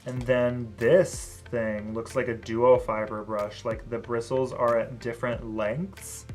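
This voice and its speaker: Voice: mid-range voice, slow, faint music behind. Sassy, chatty beauty vlogger. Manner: chatty, many "like" and "um" fillers; bursts into loud excited exclamations. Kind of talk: casual product review.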